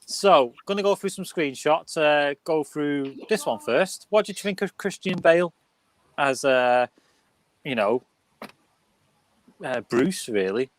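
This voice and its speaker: A man's voice: fairly high pitch, expressive, measured pace, pauses often. A young man with a Liverpool accent hosting a casual film discussion, full of jokey, teasing banter. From England. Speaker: host.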